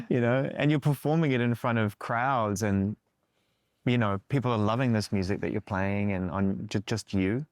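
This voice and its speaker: A man's voice: fairly low pitch, lively intonation, moderate pace, no echo, clean studio sound. A man interviewing a singer, asking long, earnest questions in a rambling way with filler words.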